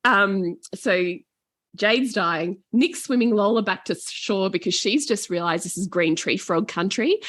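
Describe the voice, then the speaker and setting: A woman in her forties with an Australian accent, a podcast guest telling family travel stories in a lively, casual way, swearing freely. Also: medium pitch, unhurried, dry recording, clean studio sound. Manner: animated, swears casually, laughs often. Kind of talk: casual storytelling.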